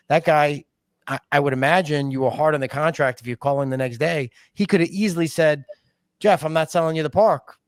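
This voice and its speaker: A man's voice: medium pitch, dry recording. A man from New York hosting a podcast interview, speaking emphatically and giving advice to listeners. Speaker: podcast host.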